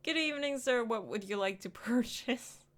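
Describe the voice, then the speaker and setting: A woman's voice: fairly high pitch, animated, normal speed, pitched above the performer's own voice, lightly acted. A woman voicing a young gas station cashier in a visual novel, sarcastic and playful. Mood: wry.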